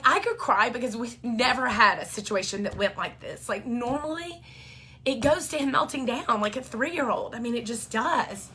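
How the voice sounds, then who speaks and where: A woman with a fairly high, bright voice that is forceful and a bit rough. She's a vlogger and mom, chatting casually to camera about her family in a rambling style packed with filler words.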